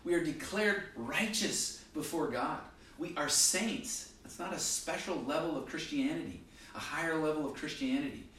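A man preaching in an echoey church hall, his voice a little high for a man and heard from some distance. He is emphatic, swinging his pitch and loudness to drive points home. Faint ambient noise sits underneath. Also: moderate pace. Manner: emphatic, varies pitch and volume for stress. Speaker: pastor. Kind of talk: sermon.

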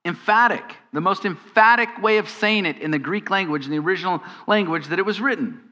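A man's voice: sits high, fairly quick, pushed and bright. A man preaching a sermon as pastor, in a conversational style that turns to emphatic questions. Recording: long hall reverb.

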